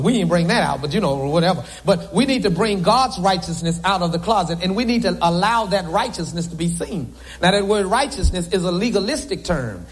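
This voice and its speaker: A man's voice: sits high, rough recording. A man a sermon to a congregation, folksy and joking with asides to the crowd. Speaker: preacher.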